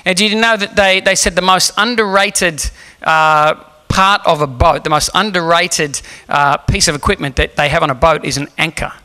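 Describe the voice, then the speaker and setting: A man preaching a sermon, telling a story in an animated, humorous way. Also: a little high, moderate pace. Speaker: pastor.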